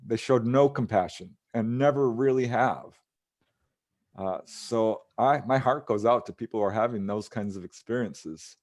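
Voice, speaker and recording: Guy talking ufo encounters, laughs a lot, lots of um and you know, normal pitch. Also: normal speed, a little mellow. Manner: retells encounters with frequent chuckles and fillers. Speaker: ufologist guest. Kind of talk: casual interview storytelling.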